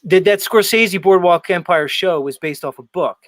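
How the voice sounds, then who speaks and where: A man from southern New Jersey with a Philadelphia accent, chatting excitably as a guest and full of slang like dude and bro. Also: sits high, moderate pace, dry recording. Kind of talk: casual conversation.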